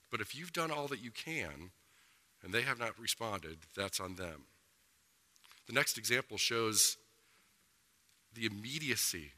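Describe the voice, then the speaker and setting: Bright-voiced male pastor in a reverberant hall. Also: medium pitch. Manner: earnest preaching with slowed emphasis. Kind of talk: sermon.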